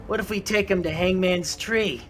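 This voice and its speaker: A man voicing a scrappy, spiteful little goblin who squeals and whines in a shrill voice. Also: moderate pace, fairly bright tone, faint music behind.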